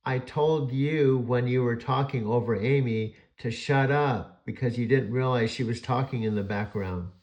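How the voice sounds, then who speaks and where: Excitable older man in an echoey room. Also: medium pitch, normal speed, few pauses. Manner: excitable storytelling, laughs. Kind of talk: casual chat.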